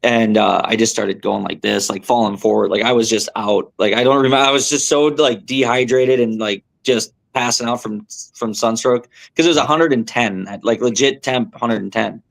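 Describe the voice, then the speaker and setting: A young man, a tournament angler, telling a story as a podcast guest in a rambling, animated way with many fillers and restarts. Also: medium pitch, moderate pace, gravelly, few pauses. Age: young adult. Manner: animated, rambling, lots of fillers and self-corrections.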